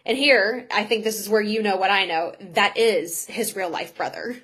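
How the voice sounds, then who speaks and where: A young woman co-hosting a podcast, recapping a TV episode in a quick, chatty way with lots of "like" fillers. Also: mid-range voice, fairly bright tone, breathy edge, rough recording. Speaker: podcast co-host.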